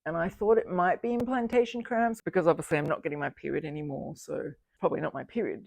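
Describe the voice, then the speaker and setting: A woman's voice: lowish voice, fast talker, gravelly, a little mellow, no echo. A fifty-year-old woman telling her personal story to the camera, candid and reflective, often breaking into laughter. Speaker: single mother sharing her fertility journey.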